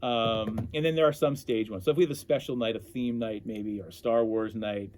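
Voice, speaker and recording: A man telling stories as an interview guest, animated and often breaking off to restart his sentences. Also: on the low side, a little fast, a little hiss or hum. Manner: animated, self-interrupting storyteller. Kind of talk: casual storytelling.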